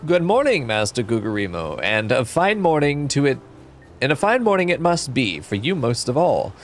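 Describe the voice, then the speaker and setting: A man voicing a pompous, flamboyant gentleman inspector with grandiloquent, theatrical delivery. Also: medium pitch, big pitch swings, normal speed, faint music behind, close to an everyday voice. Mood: grandiose.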